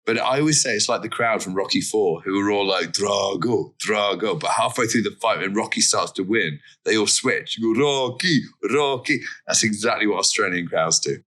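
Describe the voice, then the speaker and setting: A man's voice: lowish voice, a little fast, hardly any pauses, bright, forceful tone. An English man, a guest in a casual chat, jokey and self-deprecating. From England.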